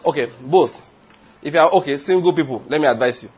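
A man's voice: on the high side, quick pace, a little mellow, husky. A man preaching a sermon, emphatic, asking the congregation rhetorical questions and drifting into tangents. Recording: dull lo-fi sound.

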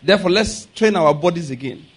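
A pastor with a notably high voice delivers a lively sermon. He mixes humorous asides with laughter and leads his listeners in repeated declarations. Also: fairly quick, breathy edge. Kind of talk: sermon with call-and-response.

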